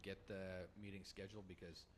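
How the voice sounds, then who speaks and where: A man hosting a live local radio show, chatty and relaxed, sometimes stumbling over his words. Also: sits low, a little fast, husky. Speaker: radio host. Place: hotel lobby broadcast.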